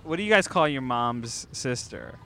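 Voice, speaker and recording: A man's voice: mid-range voice, expressive, normal speed, pushed and bright. A man in a casual chat who mostly answers with short, easygoing agreement.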